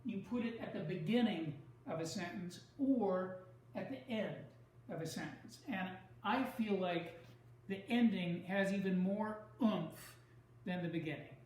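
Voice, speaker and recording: A man teaching a recorded online writing lesson, explaining step by step in a measured way and leaning on key words. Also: high voice, darkish tone, very echoey, recorded from a distance, poor audio.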